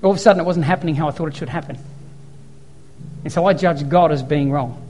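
A man's voice: fairly high pitch, fast, a little mellow, long reverb tail, faint music behind. A man preaching a sermon as a pastor, telling stories, acting out quotes and hammering points home through repetition. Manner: storytelling, emphatic repetition, acts out quotes.

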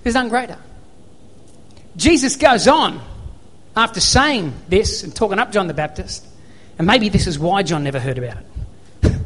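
Australian male preacher, high voice, storytelling sermon, long hall reverb. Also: expressive, normal speed, a bit bright. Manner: storytelling, acts out remembered dialogue.

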